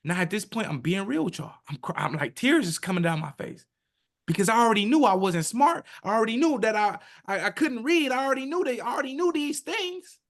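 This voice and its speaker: A man in his thirties tells his own story as a podcast guest. He talks in an emphatic, animated way. He often slips into other people's words as he tells it. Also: high-pitched, fairly quick. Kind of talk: emotional personal storytelling.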